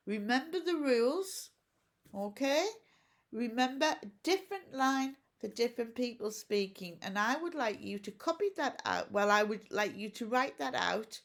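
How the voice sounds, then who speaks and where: A woman teacher talks through a recorded lesson for children at home. She speaks slowly and patiently, asking questions and explaining each step. Her voice sits a little high. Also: big pitch swings. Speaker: primary school teacher.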